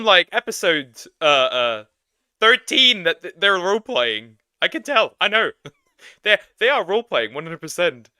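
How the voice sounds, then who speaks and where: Young man, casual reaction chatter, bright slightly high voice, dry sound. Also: animated, normal speed, clear, resonant tone, no echo. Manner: chatty, rambling, laughs often. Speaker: VTuber streamer.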